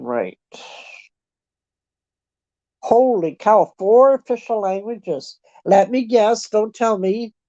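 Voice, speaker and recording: A Canadian woman chatting casually in a slow, unhurried way, often thinking aloud and poking fun at herself. Her voice is mellow and dark, and it sounds close and dry. The recording is dull and lo-fi. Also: mid-range voice, no echo. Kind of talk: casual chat with online viewers.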